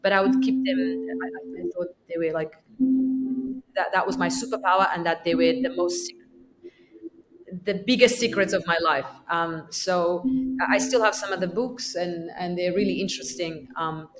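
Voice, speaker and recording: A woman from Iraqi Kurdistan whose first language is Kurdish, a podcast guest telling personal stories in a lively way, often repeating words as she restarts. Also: fairly low pitch, moderate pace, soft background music, rough recording. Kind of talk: personal storytelling.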